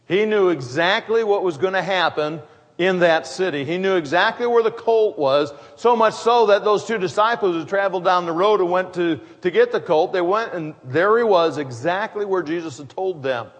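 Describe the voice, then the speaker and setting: Rambling pastor, slightly high voice, reverberant hall. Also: male voice. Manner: conversational, wandering into humorous asides. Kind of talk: sermon.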